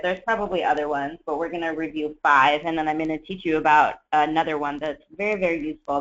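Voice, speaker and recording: A trainer teaching a skills webinar in a measured, explanatory way, with frequent fillers. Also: mid-range voice, a bit bright. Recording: dull lo-fi webinar audio.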